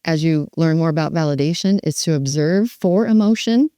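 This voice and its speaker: A woman educator coaching caregivers with animated, emphatic energy, acting out short examples as she teaches. Her voice is low-set and warm, and the recording is dry and close. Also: normal speed, clean tone, no room sound. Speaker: dementia care educator. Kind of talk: teaching with role-play demonstrations.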